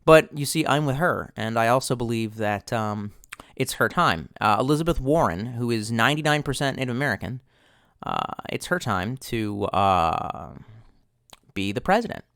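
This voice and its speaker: A man's voice: medium pitch, sing-song, moderate pace, gravelly, a bit bright, no echo, studio quality. A young man chatting casually on a livestream, rambling and sarcastic, cursing often and reading viewer messages aloud. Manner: rambling, profane, sarcastic, reads chat aloud. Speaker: streamer.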